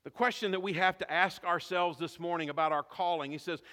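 High-voiced animated male preacher. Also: brisk, long reverb tail. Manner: animated preaching with call-and-response questions. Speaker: pastor. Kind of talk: sermon.

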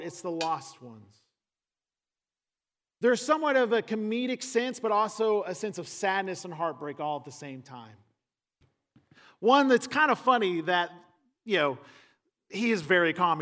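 A man's voice: high voice, a bit bright. Man preaching in a reverberant hall. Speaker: pastor. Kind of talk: sermon.

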